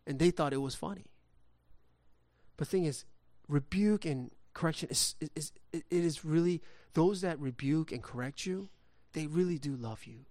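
A middle-aged man preaching a sermon, reading scripture, then telling family stories in a conversational way with frequent restarts that turn lively during the anecdotes. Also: fairly high pitch, moderate pace, long pauses, no room sound. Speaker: pastor.

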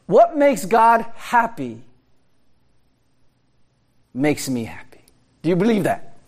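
Animated high-voiced preacher man. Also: slow. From America. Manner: conversational preaching, rhetorical questions, frequent laughs. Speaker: pastor. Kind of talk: sermon.

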